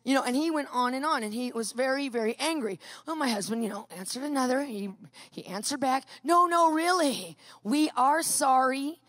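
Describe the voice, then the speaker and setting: Animated high-voiced woman storyteller. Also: fast, dry recording. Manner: lively, animated storyteller who acts out quotes. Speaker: Christian speaker. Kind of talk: storytelling sermon.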